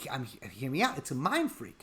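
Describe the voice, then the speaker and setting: A man's voice: mid-range voice, huge pitch swings, fairly quick, a bit bright. A man co-hosting a live-stream chat, rambling through an absurd bit of mock-serious advice. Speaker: podcast co-host.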